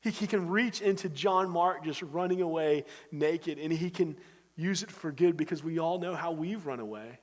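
A man preaching a sermon, moving between loud emphatic stretches and hushed, intense passages. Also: a little high, normal speed. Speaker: pastor. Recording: long hall reverb.

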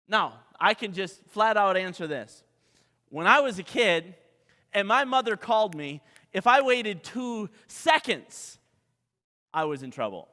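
A man's voice: sits high, big pitch swings, measured pace, pushed and bright. A man preaching a dramatic sermon as pastor, asking the congregation rhetorical questions. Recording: long hall reverb.

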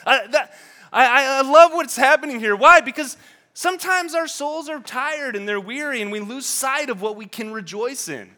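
A man preaching a sermon with fervor, swinging from quiet reflection to loud exhortation and often repeating words as he thinks. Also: extremely high pitch, moderate pace. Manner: fervent, swings from quiet to shouting. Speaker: pastor.

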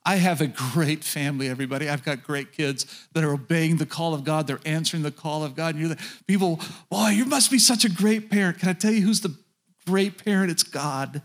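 A man's voice: fairly high pitch, a little fast. A middle-aged man preaching a sermon as pastor, talking straight to his congregation and often asking them questions.

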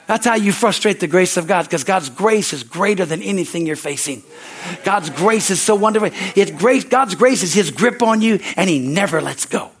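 Southern pastor guy preaching hard at church, high voice, throws in amens and hallelujahs. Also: animated, moderate pace, breathy edge. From Southern United States. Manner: fervent preaching with call-and-response asides. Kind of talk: sermon. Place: church service.

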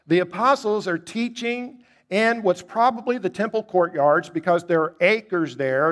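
A man preaching a sermon, emphatic and asking rhetorical questions, climbing high on key points and dropping low and quiet to reflect.

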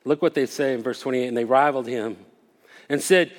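A man's voice: mid-range voice, brisk. A man preaching a sermon in a conversational, emphatic way, acting out the voices he quotes. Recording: long hall reverb.

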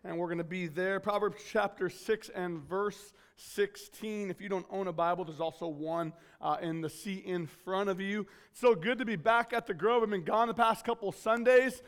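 High-voiced man preaching casually. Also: fairly even intonation, moderate pace, few pauses, a bit bright. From California. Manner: chatty and self-mocking, many fillers. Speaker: guest preacher at his home church. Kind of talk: casual storytelling sermon.

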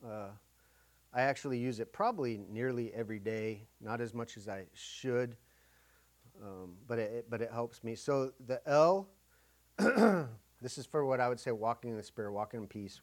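A middle-aged pastor preaching a conversational sermon, often acting out inner dialogue. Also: male voice, mid-range voice, moderate pace.

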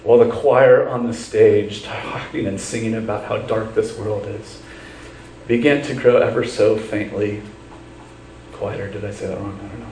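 A man's voice: lowish voice, steady tone, moderate pace, darkish tone, reverberant, far from the mic, slight background noise, poor audio. A man preaching a sermon as pastor, telling a story with earnest conviction and then leading a prayer.

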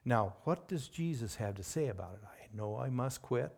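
A man preaching a sermon in an emphatic way, with sudden rises in pitch and loudness on key words. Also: lively intonation, normal speed, gravelly, slightly rough.

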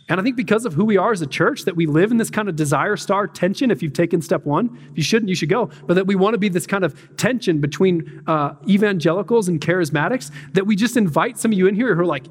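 Male pastor, relaxed chatty preaching style, higher-pitched voice, long reverb from the hall. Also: fast. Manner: conversational, peppered with "like" and "man", acts out voices. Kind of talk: casual sermon.

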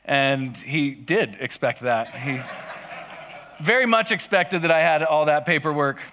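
A man preaching in a relaxed, chatty way, mixing self-deprecating personal stories into his teaching. His voice sits a little high and sounds bright and forceful. Long reverb trails after his words, as in a large room. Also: a little slow, slight background noise. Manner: conversational, self-deprecating storytelling. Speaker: pastor. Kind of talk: casual sermon with personal stories.

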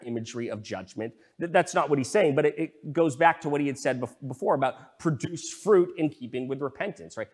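A man's voice: on the high side, expressive, brisk, hardly any pauses, darkish tone. Male pastor, casual teaching in a hall. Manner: casual teaching with many fillers and restarts. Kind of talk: sermon.

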